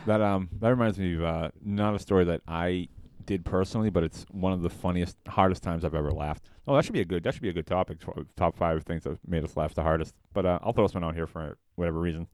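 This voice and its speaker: A young man with a very low voice talks casually on a podcast, blunt and crude, with plenty of swearing and filler words. The sound is dry and close to the mic. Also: fast, a little mellow, no room sound. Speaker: podcast co-host. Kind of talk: casual chat.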